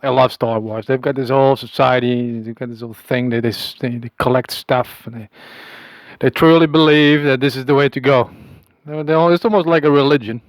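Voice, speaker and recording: A man rambles through a comic audio message in a put-on accent, stalling and circling back with a conspiratorial, self-amused air. His voice sits at an ordinary middle pitch. The sound is close and completely dry. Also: steady tone, a little fast, dry recording, poor audio. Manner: putting on an unplaced accent. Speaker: comic monologuist.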